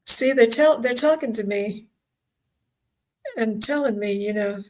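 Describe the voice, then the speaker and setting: Soft-spoken woman hosting a channelling stream. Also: fairly high pitch, unhurried, rough recording. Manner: soft, emotional, openly still learning. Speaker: spiritual medium and stream host. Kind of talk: live-stream spiritual channelling.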